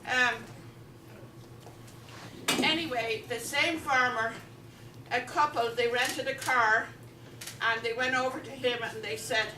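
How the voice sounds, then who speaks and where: A woman's voice: a little high, steady tone, slow, long pauses, bright, forceful tone, a little hiss or hum. A woman from Ireland with an Irish accent, telling jokes at a live event with chatty asides to the audience. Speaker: comedian. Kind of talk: live stand-up joke telling. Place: live event in a veterans home hall. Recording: roomy hall from far off.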